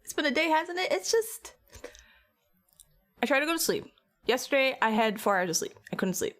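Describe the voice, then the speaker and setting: In a high, fairly bright voice with big pitch swings and a quick pace, a worn-out young woman streamer chats with her audience. She rambles through an anecdote, acting out her own quotes along the way.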